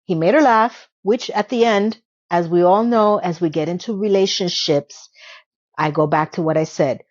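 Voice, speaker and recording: A woman's voice: on the low side, normal speed, lo-fi sound. A woman hosting a casual TV recap, retelling scenes in a chatty way with sarcastic asides. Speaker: TV episode recap host.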